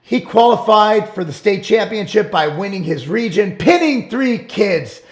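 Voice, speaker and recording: Middle aged guy ranting to camera, blunt and punchy, kinda high voice, echoey room. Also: lively intonation, measured pace. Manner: emphatic, blunt, rising to shouts when angry. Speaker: show host and supplement business owner. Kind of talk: casual monologue to camera. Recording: roomy echo.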